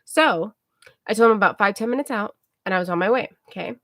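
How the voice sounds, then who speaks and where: A woman livestreamer telling a story to her viewers in a casual, animated way, often checking in with them. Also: medium pitch, quick pace, no room sound, clean studio sound. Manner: chatty, animated retelling, keeps checking in with "okay?".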